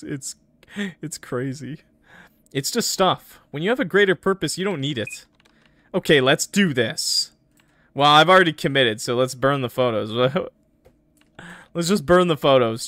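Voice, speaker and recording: Brief: male game streamer, casual chat, quick to laugh, bright, animated delivery. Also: a little high, dry recording. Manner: laughs often, joking with chat. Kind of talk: casual gameplay commentary.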